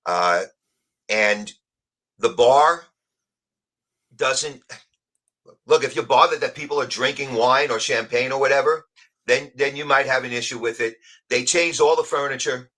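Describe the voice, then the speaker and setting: This guest on a live stream is a man from New York with a local accent, recounting stories in a lively, casual manner. His mid-range voice keeps a measured pace, broken by long pauses.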